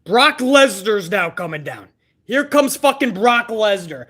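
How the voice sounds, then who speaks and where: A man's voice: high-pitched, very animated, measured pace, bright, forceful tone. A man hosting a live reaction stream, commenting on wrestling with exasperated, profane rants.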